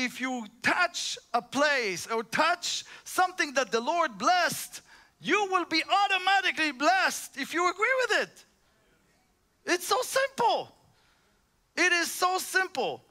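A man preaching in a very high, sharp, bright voice. He talks in an impassioned, rambling way, full of restarts and personal asides. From Israel. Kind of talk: informal sermon.

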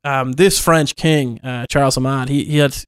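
A man's voice: mid-range voice, fairly even intonation, moderate pace, smooth, no echo, clean studio sound. A man chatting casually about a film on a podcast, rambling with many restarts and easy laughs.

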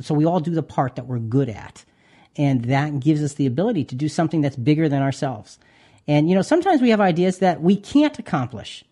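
A man's voice: a little high, big pitch swings, brisk, mellow. A man hosting a Christian talk radio show, talking earnestly with many restarts. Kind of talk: casual radio chat.

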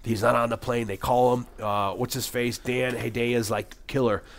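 A man co-hosting a casual movie podcast, retelling scenes with animated energy and quickly acting out lines. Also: mid-range voice. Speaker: podcast co-host.

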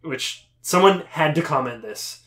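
A man's voice: a little high, expressive, measured pace, pushed and bright. A man co-hosting a comedy podcast, telling rambling stories in casual chat, laughing often and acting out quotes. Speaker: podcast co-host.

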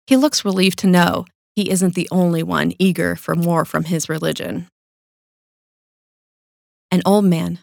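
A woman reading her own personal essay aloud in a calm, measured, sincere way. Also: lowish voice, vocal fry, no echo, studio quality.

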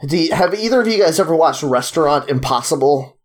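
A man's voice: fairly high pitch, animated, a little fast. A man co-hosting a casual podcast conversation. He tells stories in an easy, chatty way and breaks into laughter along the way. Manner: laughs while telling stories. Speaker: podcast co-host. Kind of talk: casual chat.

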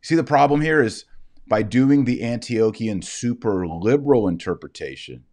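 Animated and a little mellow, this mid-range male voice moves at a moderate pace. It belongs to a Bible teacher lecturing online from his desk indoors with a shared screen, discussing verses in a conversational style and responding to rhetorical questions he raises himself.

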